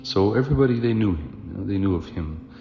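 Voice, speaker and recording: Low-voiced man preaching in an echoey hall. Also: lively intonation, fast, gravelly. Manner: conversational, with fillers and restarts. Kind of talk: sermon storytelling. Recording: echoey hall, dull lo-fi, music.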